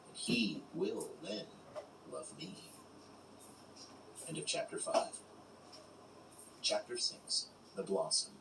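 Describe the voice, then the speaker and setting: A man reciting poems in a slow, measured, unhurried way, as an audiobook reader. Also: medium pitch. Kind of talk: slow poetry reading. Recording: roomy, distant mic with background noise.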